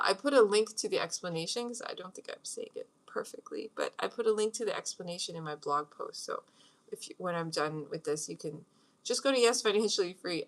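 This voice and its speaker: A middle-aged woman talks casually at home, rambling between thoughts and laughing often. Her voice sits a little low, yet sounds bright and forward. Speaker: host leading a meditation practice. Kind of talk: casual spoken talk with guided breathing.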